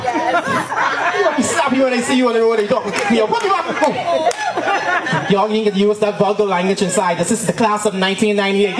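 High-pitched man ranting loudly. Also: fast talker, roomy sound, over a noisy crowd, very noisy. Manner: loud, exasperated ranting. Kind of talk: ranting comedy sketch.

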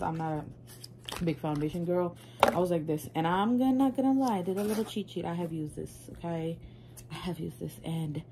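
A woman beauty vlogger chatting casually through a makeup haul, gushing and excitable. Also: lowish voice, a little hiss or hum.

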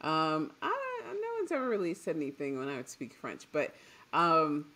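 A woman from Trinidad co-hosting a podcast in casual chat, animated and laughing often. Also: low-pitched, normal speed. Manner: animated, laughs often, trails off mid-thought. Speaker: podcast co-host.

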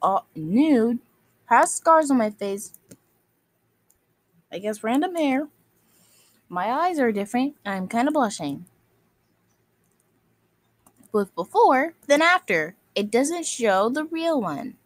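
A woman with a high voice rants straight to camera, scolding and hurling insults. She keeps looping back to the same stock phrases. The sound is dry, with no room around it. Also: sing-song, slow, pauses often, no room sound. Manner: scolding, insulting, repeats itself. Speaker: video maker. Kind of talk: angry rant to camera.

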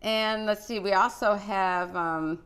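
A woman's voice: medium pitch, fairly even intonation, slow, a bit bright, clean tone. Chatty grandmotherly woman host. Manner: chatty, encouraging, reads out viewer greetings; frequent fillers and restarts. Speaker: host of a children's cooking show. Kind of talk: live online cooking show chat.

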